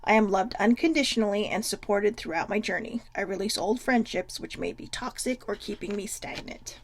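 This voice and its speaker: Chatty gravelly-voiced woman vlogger. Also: mid-range voice, brisk. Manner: chatty, frank, swears freely. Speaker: host. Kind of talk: casual self-love livestream talk.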